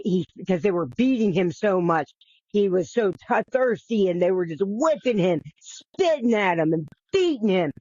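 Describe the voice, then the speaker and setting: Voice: medium pitch, a little mellow, dry recording. A podcast host retelling a bible story in a casual, earnest way, with frequent restarts, repetition and the odd swear. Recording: dull, dry lo-fi recording.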